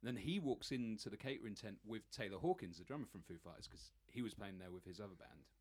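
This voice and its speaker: A man's voice: on the low side, expressive, fast, slightly rough. A man who is a podcast guest, telling a story in casual chat and stammering now and then.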